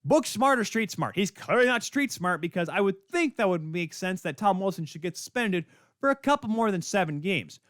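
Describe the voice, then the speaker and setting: A man hosting a podcast, delivering a heated, sarcastic rant with sudden loud spikes and quick muttered asides. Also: sits high, expressive, dry recording, studio quality. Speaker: podcast host. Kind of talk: ranting hockey commentary.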